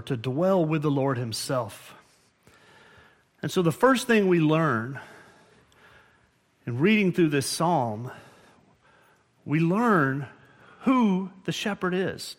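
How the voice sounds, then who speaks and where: A man preaching as pastor in a church, explaining scripture earnestly and often restarting his phrases. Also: high-pitched. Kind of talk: sermon. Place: church sanctuary.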